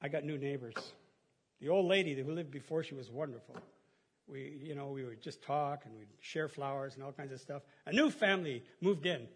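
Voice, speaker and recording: A middle-aged man giving a casual, folksy sermon as a pastor, chatty and quick to laugh at his own stories. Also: medium pitch, slightly rough.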